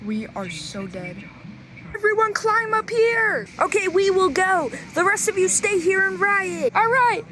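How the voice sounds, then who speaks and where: A woman acting out a plush toy story, switching between many character voices with excited shouted sound effects. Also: extremely high pitch, unhurried, hardly any pauses, background noise. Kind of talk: playful toy role-play narration.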